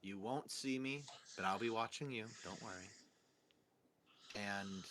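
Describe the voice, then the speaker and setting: A man's voice: lowish voice, a little slow, noisy background. A man playing a tabletop game, planning aloud and restarting his sentences. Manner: thinks aloud, restarts and repeats words. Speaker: player. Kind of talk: casual tabletop game chat.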